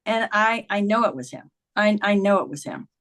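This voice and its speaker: A woman's voice: mid-range voice, expressive, moderate pace, fairly bright tone. A middle-aged woman, a memoir author, earnestly recounting a personal story in conversation, acting out quoted dialogue.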